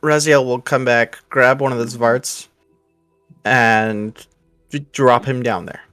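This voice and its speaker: A man's voice: medium pitch, fairly even intonation, slow pace, fairly bright tone, clear, resonant tone, dry recording, clean studio sound, faint music behind. A man playing a character in a tabletop game, matter-of-fact and scheming. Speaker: player.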